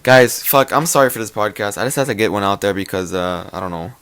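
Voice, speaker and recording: A young man hosting a casual podcast, loud and joking, swearing often and laughing easily. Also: lowish voice, fast talker, smooth. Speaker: podcast host.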